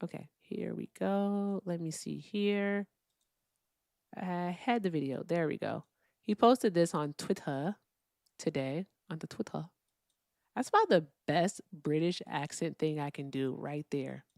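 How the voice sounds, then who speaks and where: A woman in her thirties hosting a live call-in debate stream. She is blunt and profane, and her voice sits fairly low in pitch. The sound is dry and close. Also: lively intonation, a little slow, creaky, a little mellow, no echo. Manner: blunt and profane, talking to chat. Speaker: livestream host.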